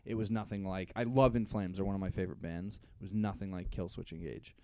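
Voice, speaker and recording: A man's voice: deep voice, steady tone, fast, darkish tone, no echo. A young man co-hosting a podcast, chatting casually and joking about himself. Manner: joking, self-deprecating. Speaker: podcast co-host. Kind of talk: casual chat.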